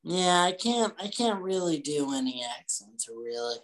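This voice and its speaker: A man's voice: fairly high pitch, big pitch swings, a little slow, a bit bright. A laid-back man in his thirties co-hosting a podcast in casual chat, mostly giving short agreeing replies. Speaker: podcast co-host.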